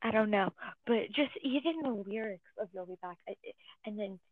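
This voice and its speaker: A woman's voice: mid-range voice, moderate pace, no room sound. Young woman rating songs, blunt, sounds like a phone line, dry. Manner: blunt, gives number ratings. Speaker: podcast co-host. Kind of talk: casual chat reviewing songs.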